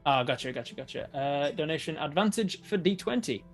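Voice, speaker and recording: A man's voice: fairly high pitch, animated, a little fast, faint music behind. A man with an Australian accent running a tabletop game as dungeon master, narrating with frequent laughs. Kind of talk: game narration for a live stream.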